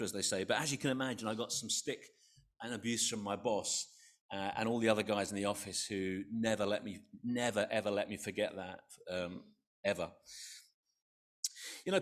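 A middle-aged man, a preacher, opening his sermon with a self-deprecating personal story in a conversational storytelling manner. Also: lowish voice.

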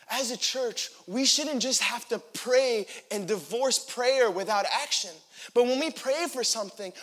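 High-voiced animated male preacher. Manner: animated, acts out the figures in quotes. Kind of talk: sermon.

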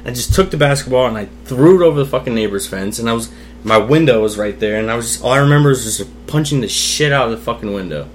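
A man's voice: mid-range voice, a bit bright, a little hiss or hum. A young man, a podcast guest, telling a personal story in casual talk over drinks, candid and swearing freely. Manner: candid, swears freely, acts out quoted voices.

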